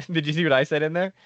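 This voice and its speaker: A man co-hosting a casual fantasy sports podcast, reacting quickly in an easygoing way with short laughs. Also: on the high side, fairly bright tone, dry recording, highs cut off. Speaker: podcast co-host. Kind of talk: casual fantasy draft chat.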